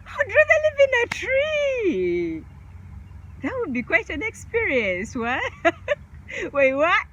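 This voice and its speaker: A woman's voice: high-pitched, a bit bright, dull audio. A woman vlogger chatting casually through a question game, laughing often.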